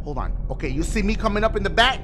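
Loud, profane man shouting over a game. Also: animated, quick pace, background noise. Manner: loud, profane, swings between shouts and low mutters. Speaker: gaming YouTuber. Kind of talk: game commentary. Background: game music.

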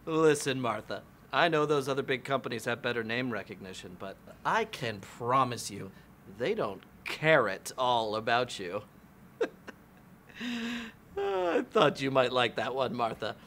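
A man playing a smooth telemarketer giving chummy sales patter on a call, in a comedy audio drama. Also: medium pitch, big pitch swings, a little slow, a bit bright, slight background noise.

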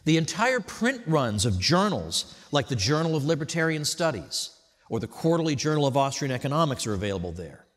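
A man giving a prepared tribute speech at an event, telling stories in a wry, animated way. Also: fairly high pitch, a little fast, long reverb tail. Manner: wry, animated storytelling with mock voices. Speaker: speaker at an institute event. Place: hotel event hall.

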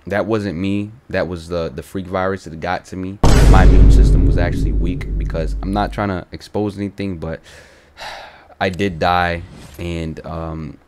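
A man's voice: sits low, fairly even intonation, normal speed, heavy background noise. A man chatting casually while playing a comic game role-play, rambling in slang with lots of fillers. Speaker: gaming content creator.

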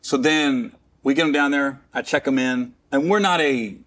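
A man's voice: medium pitch, moderate pace, a bit bright. Middle-aged man telling a story in rambling fashion. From Cincinnati, Ohio. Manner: rambling, with restarts and self-mocking asides. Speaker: comedian guest. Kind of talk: candid storytelling.

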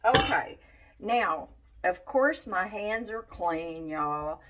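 A woman's voice: on the low side, animated, very slow, recorded from a distance, very noisy. A woman giving a casual cooking demonstration in a home kitchen, chatty and folksy, talking straight to her viewers. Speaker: cooking vlogger.

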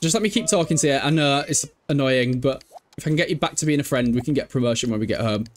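A man's voice: medium pitch, fast talker, a little hiss or hum. A young man from England, chatting casually as he streams a game, swearing and laughing often. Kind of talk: casual live game commentary.

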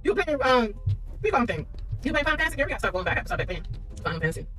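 Lively high-voiced woman streaming a game. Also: racing, slight background noise. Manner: chatty and animated, talks back to the game and friends. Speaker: streamer playing a horror shooter. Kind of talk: casual gameplay commentary.

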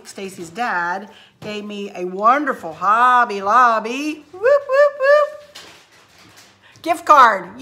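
A woman with a bright, fairly high voice chats to her camera at home as the host of a craft channel. She is effusive and emotional, laughing often, and her throat is a little scratchy. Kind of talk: casual chat to camera. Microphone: handheld camera.

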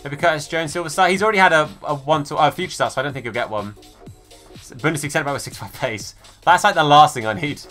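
Soft music plays as a man streams a football video game, greeting viewers by name and chatting with them casually. His voice is a little high, pushed and bright, and he talks at a quick pace.

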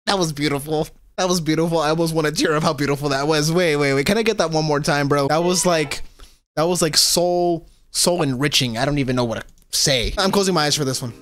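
A man giving casual, excitable commentary while reacting to an album, often repeating himself and saying "bro.". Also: on the high side, a little fast. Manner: excitable, repeats phrases, calls listener bro. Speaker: music reaction host. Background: faint hip hop music.

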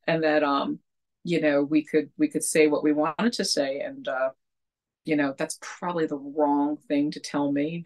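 A woman in her forties co-hosts a relaxed conversation, with a gravelly, slightly rough voice. She rambles, jokes about herself and her kids, and laughs easily. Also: low voice. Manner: rambling, joking, self-deprecating, laughs often. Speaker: podcast co-host. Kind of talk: casual chat.

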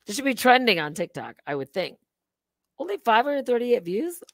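A woman's voice: on the high side, sing-song, moderate pace, dry recording. A woman hosting a casual livestream, rambling and laughing at herself. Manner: rambling, self-mocking, laughs often. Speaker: livestream host.

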